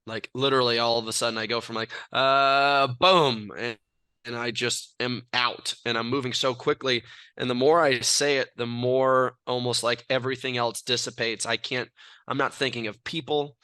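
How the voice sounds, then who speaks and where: A man's voice: medium pitch, steady tone, normal speed, pushed and bright, clear, resonant tone, dry recording. A young man from California, a brash and self-assured athlete telling stories in a casual interview. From California, USA. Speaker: athlete guest.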